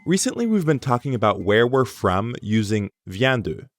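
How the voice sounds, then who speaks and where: A man teaching a language lesson, pronouncing words slowly and carefully for learners. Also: medium pitch, big pitch swings, soft background music. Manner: slow, careful pronunciation for learners. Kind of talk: scripted lesson narration.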